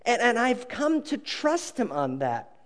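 A middle-aged man preaching a sermon as a pastor, telling stories expressively and dropping to a hush for emphasis. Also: extremely high pitch, huge pitch swings, unhurried, in a large hall.

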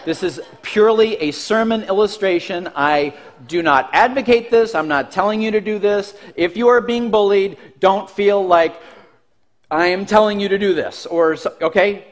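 A male pastor with a high-pitched voice tells a story from the pulpit. His delivery is animated and self-mocking, and he often laughs as he talks. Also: normal speed. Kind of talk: storytelling sermon.

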